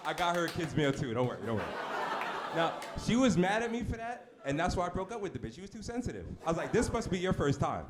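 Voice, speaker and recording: A brash male stand-up comedian performs a set on a comedy club stage, his voice pitched high and his pace quick. He delivers deadpan shock lines and tosses asides to the crowd. The live recording is noisy, with audience laughter in the background.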